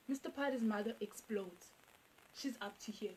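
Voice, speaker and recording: A young South African woman telling a casual storytime, animated and repeating phrases for emphasis. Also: a little high, measured pace, slightly rough. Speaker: YouTuber.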